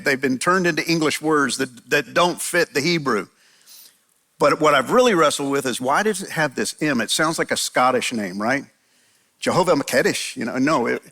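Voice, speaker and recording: Man, pastor, casual sermon delivery, bright tense tone, frequent restarts. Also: medium pitch. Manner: conversational preaching with frequent restarts.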